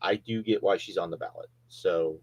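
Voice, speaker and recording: A man's voice: deep voice, moderate pace, a crowd in the background, low-quality recording. A man co-hosting a casual podcast debate, often stopping to restart and correct himself mid-thought. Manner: hesitant, restarts and self-corrects while arguing. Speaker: podcast co-host.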